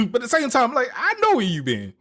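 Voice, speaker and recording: A man's voice: very high voice, huge pitch swings, fairly quick, bright, forceful tone. A man co-hosting a casual podcast, joking and laughing often as he reacts and shares his own take. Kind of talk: casual chat.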